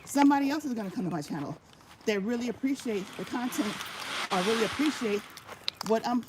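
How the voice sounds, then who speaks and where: A woman's voice: fairly high pitch, animated, brisk. A woman giving emphatic, repetitive advice in a casual vlog while walking laps. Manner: emphatic, repeats her points for stress. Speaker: vlogger giving channel tips. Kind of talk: casual motivational vlog talk. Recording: noisy background.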